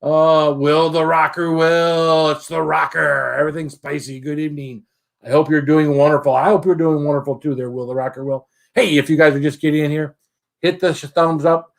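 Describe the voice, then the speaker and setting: Middle-aged guy hosting a livestream, kinda high voice, chatty, shouting out everyone in chat. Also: fairly even intonation, normal speed, vocal fry. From Michigan, USA. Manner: chatty, greets viewers by name. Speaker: livestream host. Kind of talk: casual live-stream chat.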